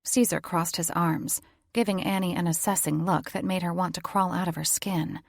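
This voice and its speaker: A woman narrating a romance audiobook in a measured storytelling manner. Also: on the low side, steady tone, gravelly, dry recording, studio quality. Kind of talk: scripted narration.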